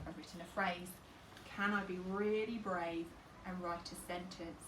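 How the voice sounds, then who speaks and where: A woman teacher in a phonics lesson for young children, slowly sounding out each word and talking herself through it. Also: on the low side, steady tone, fairly bright tone. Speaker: infant school teacher. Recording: roomy and a bit distant, faint background hum.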